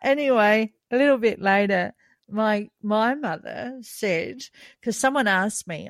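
A woman's voice: medium pitch, a little slow, dry recording. Chatty woman, dry close sound. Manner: lively, laughs often while telling stories. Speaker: podcast co-host. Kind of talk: casual storytelling chat.

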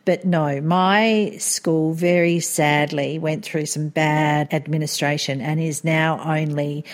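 A middle-aged woman hosting a podcast with a slightly low voice. She tells stories easily and jumps into other people's voices when she quotes them. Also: fairly even intonation, slow. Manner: storytelling, acts out quoted voices. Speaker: podcast host, mother. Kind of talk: casual chat.

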